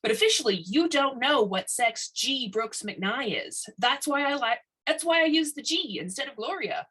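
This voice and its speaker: A woman voicing a proud young female electronics engineer, speaking high and crisp with indignation. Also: animated, moderate pace, fairly bright tone, heavily acted.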